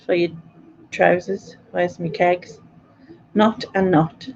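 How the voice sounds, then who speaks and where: A woman's voice: fairly low pitch, steady tone, takes it slowly, creaky, darkish tone, a little hiss or hum. A British woman hosting a casual live quiz stream, chatting with viewers and laughing often. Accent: British English. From Britain. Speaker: quiz host. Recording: dull lo-fi stream audio.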